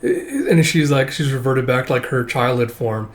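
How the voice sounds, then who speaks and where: A man talks his way through a comic read-through in a loose, rambling style full of fillers and offhand swearing. His voice sits at an ordinary mid pitch for a man. He comes across as casual and unpolished. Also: normal speed. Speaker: manga read-through channel host. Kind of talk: casual reading commentary.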